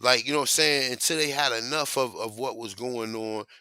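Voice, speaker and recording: A man with a New Jersey accent talks in a loose, streetwise way on a livestream, checking in with his listeners as he goes. His voice is bright and forceful at a middle pitch, and the sound is dry and close. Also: fairly even intonation, a little fast, smooth, dry recording, low-quality recording. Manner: streetwise, says "you know what I'm saying" a lot. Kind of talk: casual livestream talk.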